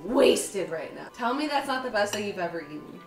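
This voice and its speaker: A woman's voice: medium pitch, expressive, a little fast, soft background music. A young woman hosting a casual cooking vlog at home, effusive and swearing freely. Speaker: channel host. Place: home kitchen. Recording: echoey kitchen room.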